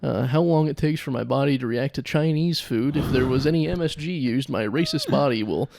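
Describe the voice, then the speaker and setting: A man's voice: mid-range voice, brisk, creaky, a little mellow, a little hiss or hum. A young man hosting a comedy podcast, rambling and joking in casual chat and laughing at his own jokes. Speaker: podcast host.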